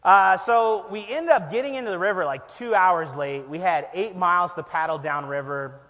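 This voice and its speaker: High-voiced pastor telling a funny story. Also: male voice, moderate pace, in a large hall. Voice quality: animated, self-deprecating, laughs often. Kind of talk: storytelling sermon. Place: church.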